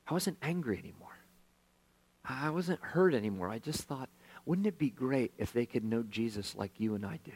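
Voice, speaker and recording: A man's voice: mid-range voice, animated, moderate pace, a little mellow, husky, low-quality recording. A male pastor telling a story in a sermon, acting out the voices of the people in it.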